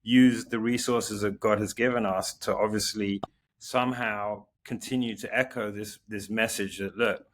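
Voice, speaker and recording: A man's voice: on the low side, fairly even intonation, normal speed. Earnest man in his forties. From London. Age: 40s. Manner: earnest, rambling, repeats words. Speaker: guest artist. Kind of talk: casual interview chat.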